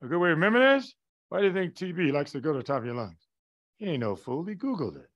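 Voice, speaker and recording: Lively man lecturing a class. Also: on the high side, fast. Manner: lively, emphatic, asks the class questions. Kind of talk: live online lecture.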